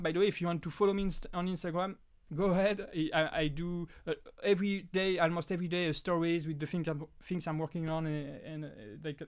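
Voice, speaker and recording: A man with a French accent, French as his first language, hosting a live prop-making Q&A in a halting way, with many restarts and fillers. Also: on the high side. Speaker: prop-making channel host. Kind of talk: live stream Q&A chat.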